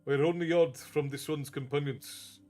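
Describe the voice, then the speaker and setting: A man's voice: a little high, steady tone, fairly quick, warm tone, faint music behind, natural voice. A man voicing a cold, threatening male slaver who speaks in a harsh whisper. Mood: curt.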